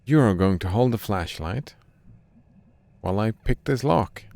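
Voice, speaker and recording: An excitable young male fox from a video game, read by a man in a low, gravelly voice. The lines come slow and even, with little bounce. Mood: bossy.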